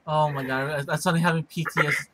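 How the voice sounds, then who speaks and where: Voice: mid-range voice, fairly even intonation, fast, sharp tone, a little hiss or hum. A stream participant chatting casually, stumbling over words and swearing freely. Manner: stammering, restarts often, swears. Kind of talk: casual chat.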